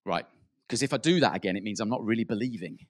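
A man preaching a sermon in an earnest way. He rises to emphatic peaks, then drops soft, and acts out quoted prayers. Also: fairly low pitch, animated, quick pace.

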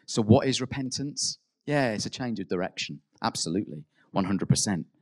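A man preaching a sermon in an earnest way. He rises to emphatic peaks, then drops soft, and acts out quoted prayers. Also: on the low side, expressive, a little fast.

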